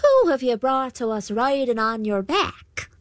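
A shrill, cackling old banshee from a storybook, calling out loudly, as a woman narrator plays her. Her voice rides very high and the sound is dry. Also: very animated, a little slow, no room sound. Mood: hailing. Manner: loud, welcoming call.

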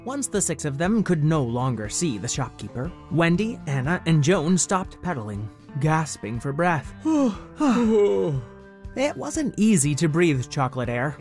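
A man tells a children's story playfully, his pitch swinging in wide, lively arcs over a fairly high voice. Soft music runs quietly underneath. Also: moderate pace. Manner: playful, animated.

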